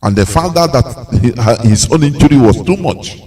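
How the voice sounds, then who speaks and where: A radio presenter with a Nigerian English accent gives a live talk, his medium-pitched, dark-toned voice brisk and expressive on a rough recording. He lectures in a preachy way, acts out the voices of the people he quotes, and laughs often.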